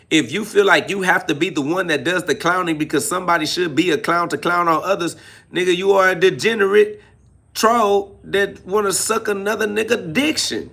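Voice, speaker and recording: Gravelly man preaching a mocking rant. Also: sits high, a little fast, bright, forceful tone. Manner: preachy, mocking, heavy slang. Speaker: podcast host. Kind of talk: ranting live self-talk podcast monologue.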